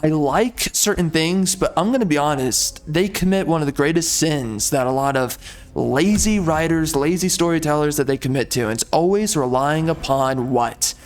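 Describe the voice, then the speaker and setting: A man's voice: on the high side, normal speed. A man giving casual gameplay commentary, rambling, profane and easily exasperated.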